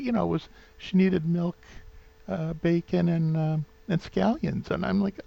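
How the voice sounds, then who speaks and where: A man's voice: high-pitched, little pitch movement, a little slow, gravelly, dark tone, muffled recording. A man in his fifties with a New England accent rambles sentimentally through a home vlog, full of fillers and restarts. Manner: sentimental, gets openly emotional. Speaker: vlogger.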